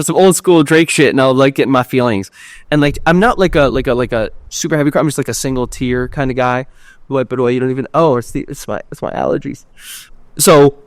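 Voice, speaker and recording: Recorded in clean studio sound with no room echo, a young male podcast host with a medium-pitched voice shares a personal story. He's frank and meandering, saying "like" a lot and swearing casually.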